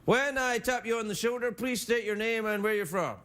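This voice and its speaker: A man's voice: fairly quick, fairly bright tone. A man voicing a hyperactive, scatterbrained male puppet host with a put-on Scottish accent, doing late-night comedy. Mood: manic. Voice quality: high, giddy, arm-waving, scatterbrained. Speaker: talk show host.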